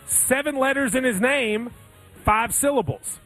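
A man's voice: very high-pitched, unhurried, a bit bright, faint music behind. A man hosting a sports radio show, bantering playfully about baseball picks. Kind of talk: casual sports betting chat.

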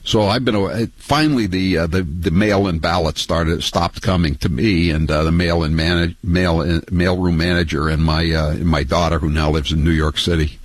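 An older man hosting a talk radio show, rambling and sarcastic, with many halting restarts. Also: deep voice, steady tone, dry recording, low-quality recording.

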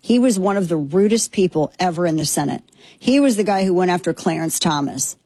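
A woman's voice: fairly low pitch, lively intonation, a little fast, warm tone, slightly rough, no echo. A woman hosting a political talk show, delivering a sarcastic, indignant monologue. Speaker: political commentary host.

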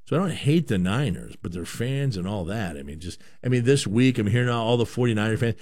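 A man's voice: on the low side, animated, a little fast, a little mellow, no echo. A man from Canada hosting a sports talk show, giving a rambling, opinionated monologue.

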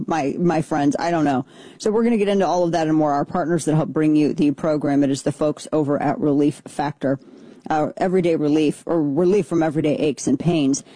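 A woman hosts a political talk show with a brash, sarcastic edge, rambling and restarting as she goes. Her voice is mellow and warm, recorded close and dry in a studio. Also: low voice, no room sound. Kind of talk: opinionated political commentary.

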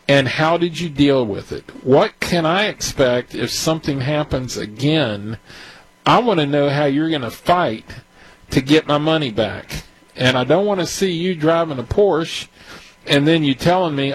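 A man who advises on real estate deals, talking unscripted and candidly, his voice climbing higher as he gets worked up. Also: slightly rough, low-quality recording. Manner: candid, grows agitated and higher-pitched. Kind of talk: unscripted commentary.

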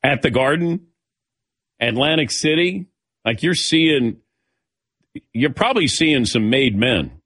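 A man's voice: medium pitch, animated, takes it slowly, pauses often, fairly bright tone, no echo. An older man hosting a casual sports talk show, telling long stories and calling on his co-hosts by name. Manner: storytelling, calls on co-hosts by name. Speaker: host. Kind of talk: casual chat.

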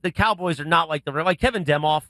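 A man hosting a sports radio show, telling rambling stories and pitching bits. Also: bright, forceful tone, no room sound, studio quality. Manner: rambling, quick storytelling. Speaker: radio host. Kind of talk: casual sports talk chat.

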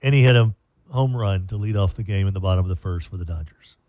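A man's voice: low voice, fast, dark tone, dry recording. Joking male sports radio host. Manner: rambling, self-deprecating, jokey. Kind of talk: casual sports radio chat.

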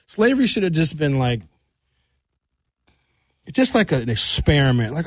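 A fairly high-voiced man riffs on a comedy radio show. He rambles, restarts his sentences and swings his pitch up and down as he goes. The studio sound is dry and close. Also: unhurried, long pauses, breathy edge, dry recording. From Milwaukee, USA. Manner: rambling, animated, jumps between high and low pitch.

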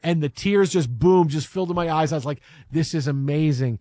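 A man's voice: fairly high pitch, quick pace, darkish tone, dry recording. A man hosting sports talk, rambling and emphatic with many restarts. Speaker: sports radio host.

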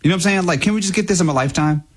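Man, radio co-host, rambling casual banter, slightly high husky voice. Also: rapid-fire. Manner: rambling, restarts often, says like a lot. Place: radio studio.

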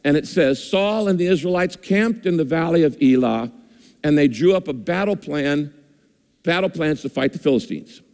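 A pastor with a voice a touch higher than most men's delivers a sermon in an easy, conversational way. He circles back and repeats his phrases as he talks. His voice rings out through the long reverb of a church hall. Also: animated, normal speed, vocal fry, darkish tone. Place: church or auditorium with a screen.

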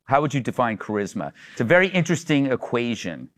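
A man's voice: mid-range voice, big pitch swings, fairly bright tone. A man hosting a panel talk show, joking with his guests in casual banter. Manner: joking, quick to laugh.

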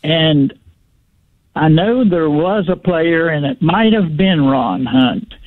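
A man's voice: fairly high pitch, lively intonation, dry recording. Older man calling in over a phone line. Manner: slow, halting, reminiscing. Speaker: caller. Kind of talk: call-in radio chat.

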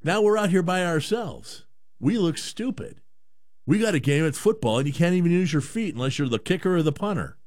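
Speaking a little fast in a high-leaning voice, a man hosts a radio show with casual, joking chat. His delivery is animated and rambling, with frequent restarts.

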